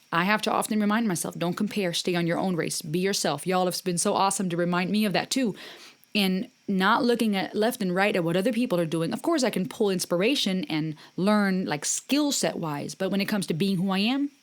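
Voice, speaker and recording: A woman hosting a music reaction video, talking casually and earnestly, with encouraging, faith-based remarks to her viewers. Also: fairly low pitch.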